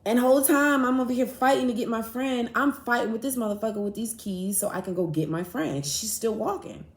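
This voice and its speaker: A young woman hosting a podcast, telling a story in a casual, animated and profane way, acting out both sides of an argument. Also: on the high side, fairly quick. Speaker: podcast host. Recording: echoey room.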